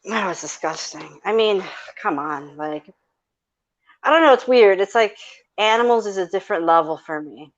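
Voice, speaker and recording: A woman's voice: medium pitch, lively intonation, moderate pace, dull audio. A woman co-hosting a podcast in casual chat, teasing and swearing, laughing often. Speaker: podcast co-host.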